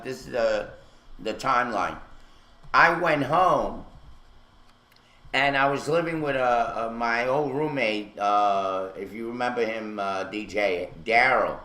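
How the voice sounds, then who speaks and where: A man's voice: medium pitch, sharp tone. Rambling man in an echoey studio. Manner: rambling storyteller, many fillers. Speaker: radio show co-host. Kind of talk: casual chat. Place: radio studio.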